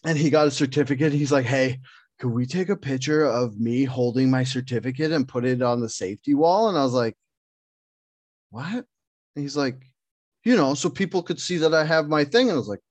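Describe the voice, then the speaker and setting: A man co-hosting a podcast, telling work stories in a casual, animated way, laughing and swearing often. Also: mid-range voice, a little fast, no echo. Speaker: podcast co-host.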